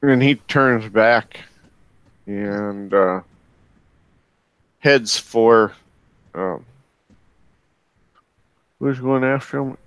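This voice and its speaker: A man narrating as game master of a tabletop game, unhurried and halting with fillers as he describes the action. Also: mid-range voice, a bit bright, clean tone, dry recording, low-quality recording.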